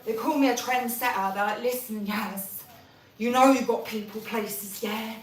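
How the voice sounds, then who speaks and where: A woman's voice: a little high, moderate pace. A woman in a rambling, restless monologue, swearing and jumping from topic to topic. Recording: echoey room from far off.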